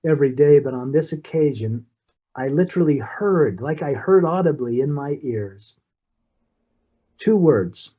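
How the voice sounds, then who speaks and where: A man's voice: medium pitch, warm tone. Earnest man telling an emotional story. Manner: earnest, emotional, halting with restarts. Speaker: interview guest. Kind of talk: personal storytelling in an interview.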